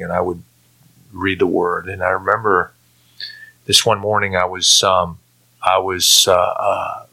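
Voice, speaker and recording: A middle-aged man giving a personal faith testimony in an earnest, halting way, often restarting and repeating words. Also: deep voice, vocal fry, sharp tone. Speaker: testimony speaker.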